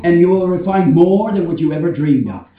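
A man's voice: high voice, animated, normal speed, background noise. Preacher man, echoey and distant. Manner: earnest, emphatic, draws out key words. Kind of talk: sermon. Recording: echoey, distant, muffled church mic.

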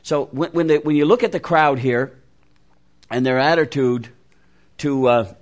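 A man's voice: medium pitch, measured pace. A man preaching an interactive sermon, making emphatic, repeated appeals to his listeners.

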